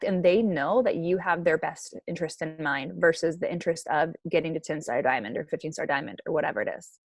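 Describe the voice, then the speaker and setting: A woman in her thirties leads a motivational call for her coaching team. Her voice sits a bit low, and she keeps it casual and chatty, dropping "like" and "right?" throughout. The sound is dry and close, with no room behind her. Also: dry recording.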